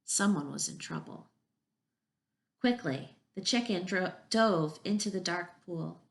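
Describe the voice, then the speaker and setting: Gravelly, low-voiced preschool teacher. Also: female voice, animated, unhurried. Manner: gentle, warm-paced and encouraging with children. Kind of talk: children's story time reading.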